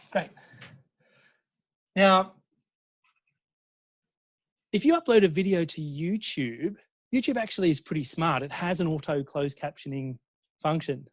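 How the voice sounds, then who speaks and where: Australian guy presenting at a conference, kinda high voice, lots of ums and "okay?". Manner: animated, checks in with the audience, frequent fillers. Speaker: university lecturer.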